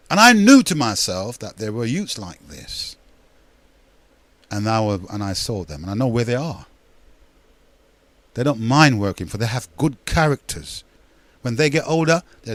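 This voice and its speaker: A man's voice: on the high side, no room sound. Older man rambling emphatically. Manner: rambling, emphatic, repeats words, calls listeners brethren. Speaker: radio talk show host. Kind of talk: casual radio monologue.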